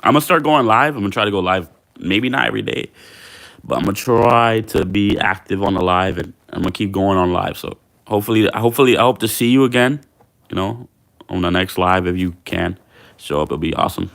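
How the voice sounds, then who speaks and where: Young man, fitness livestream host, casual slangy chat, low-pitched, vocal fry. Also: a little fast, fairly bright tone. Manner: slangy and laid-back, talks to chat.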